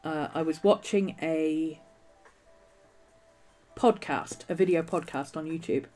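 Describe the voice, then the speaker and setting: A woman's voice: low voice, slow, darkish tone, soft background music. Chatty woman with a nagging cough. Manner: chatty, meandering, restarts thoughts often. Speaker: journaling video host. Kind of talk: casual rambling vlog chat.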